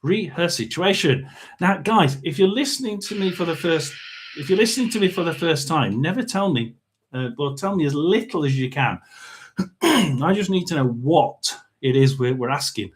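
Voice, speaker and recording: A man hosting a casual tarot and spirit box reading. He chats and mutters asides, often clearing his throat. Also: fairly high pitch, lively intonation, normal speed.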